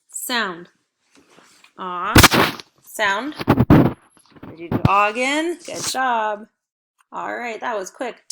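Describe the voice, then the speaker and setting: Slow bright-voiced woman teacher. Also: mid-range voice. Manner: slow, encouraging, prompting sounds and blends. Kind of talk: phonics lesson for children.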